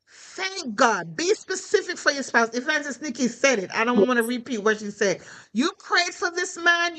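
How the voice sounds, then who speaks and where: A woman preaches with lively exhortation, speaking high in her range with a bright, ringing tone. She keeps turning to her listeners with rhetorical questions. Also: low-quality recording. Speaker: minister. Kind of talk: preaching to a prayer call.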